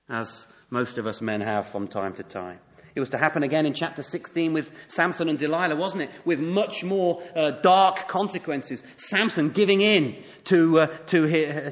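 Brief: middle-aged preacher, animated storyteller with rhetorical questions. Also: male voice, fairly high pitch. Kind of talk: sermon.

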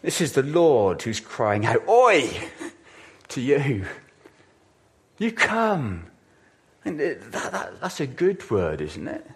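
A man preaching a sermon in a plodding, self-deprecating way, with sudden loud exclamations. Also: medium pitch, very animated, a little slow, few pauses.

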